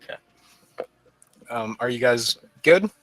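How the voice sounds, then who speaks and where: A man narrating a tabletop game as game master, playful and quick to laugh. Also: mid-range voice, expressive, crowd noise, low-quality recording.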